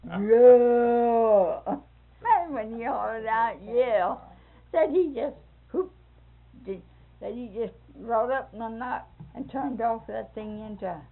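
A woman's voice: a little high, moderate pace, vocal fry. An older woman, telling a folksy family story in a casual way and laughing as she goes. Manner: laughs through her story, folksy dialect. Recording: tinny phone-like recording.

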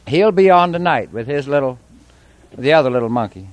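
A man's voice: medium pitch, lively intonation, moderate pace. A man as a puppeteer, chatting in a folksy, coaxing way to children at a live puppet show.

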